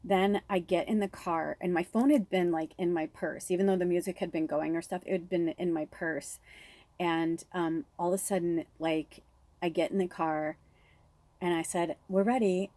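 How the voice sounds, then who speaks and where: A woman in her thirties, a spiritual reader, telling a personal story with shaky, tearful excitement and lots of "like.". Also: fairly low pitch, moderate pace, no room sound. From Pacific Northwest.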